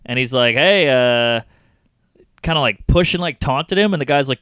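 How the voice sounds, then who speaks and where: A man's voice: mid-range voice, normal speed, clear, resonant tone, no echo, studio quality. A comedian, chatting casually and acting out people from his stories. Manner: animated storyteller acting out people he met. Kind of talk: casual podcast chat.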